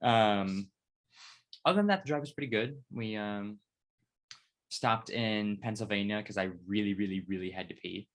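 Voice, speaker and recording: A man's voice: on the low side, normal speed. Young man rambling through a profane story. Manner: rambling storytelling, heavy swearing, lively retelling. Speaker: podcast co-host. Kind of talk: casual chat.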